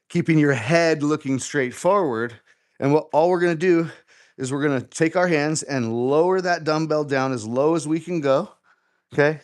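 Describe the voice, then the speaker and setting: A middle-aged man hosting a live workout show, casually coaching and counting reps aloud, a little out of breath as he exercises. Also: medium pitch. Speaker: fitness show host.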